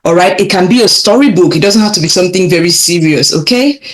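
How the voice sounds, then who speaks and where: A young woman teaching children vocabulary, repeating words slowly and encouraging them as she goes. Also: fairly low pitch, expressive. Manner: repeats phrases slowly, encouraging, laughs lightly. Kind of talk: slow, clear vocabulary lesson for kids.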